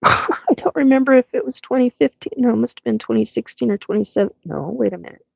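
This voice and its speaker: A woman's voice: a little high, expressive, fast, creaky, slightly rough, dry recording, highs cut off. A woman in her fifties from Washington State with a West Coast accent, hosting a casual live chat, rambling with many fillers and frequent laughs. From Washington State, USA. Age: 50s. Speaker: livestream host.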